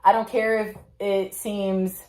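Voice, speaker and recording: A woman's voice: slow pace, reverberant. A young woman vlogger casually telling a story to her viewers and acting out the quoted lines. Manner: animated, acts out quotes with big pitch jumps. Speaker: vlogger recounting basic training.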